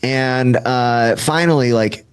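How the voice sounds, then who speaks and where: Taking it slowly in a smooth, mid-range voice, this thirtysomething from Southern California candidly recounts his recovery. He pokes fun at himself, leans on fillers, and acts out quoted lines.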